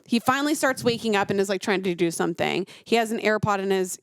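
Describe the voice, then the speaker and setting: A woman in her thirties co-hosting a podcast, telling animated stories in casual chat and laughing often. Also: mid-range voice, fast, dry recording, clean studio sound. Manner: animated storyteller, laughs a lot. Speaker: podcast co-host.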